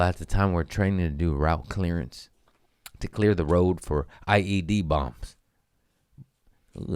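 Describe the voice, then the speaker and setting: A man's voice: deep voice, darkish tone, smooth, dry recording, clean studio sound. A man hosting a casual comedy podcast, reading listener messages and swearing freely as he acts out the people in his stories. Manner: profane, jumps into goofy voices for quoted people.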